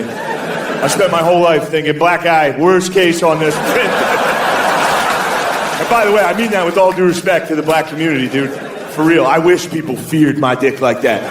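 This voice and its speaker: Profane, self-mocking stand-up comedian man. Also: a little high. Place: comedy club stage. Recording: echoey venue, loud crowd and noise. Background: audience laughter.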